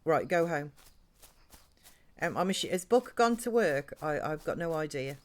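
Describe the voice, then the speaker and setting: A woman's voice: sits low, lively intonation, moderate pace. A woman chatting her way through a live-streamed life-sim game, rambling between the game and her viewers. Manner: chatty, rambling, talks to chat and game characters. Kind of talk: live-stream gameplay chat.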